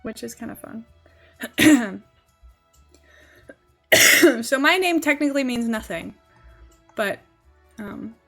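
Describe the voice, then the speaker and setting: Dutch girl streaming, accent half american half british, rambly and giggly, kinda high voice, music under. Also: expressive, slow, long pauses, fairly bright tone. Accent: mixed Dutch-born English, partly American, partly British. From Netherlands. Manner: rambling, chatty, frequent laughs and fillers. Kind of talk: casual chat while game streaming.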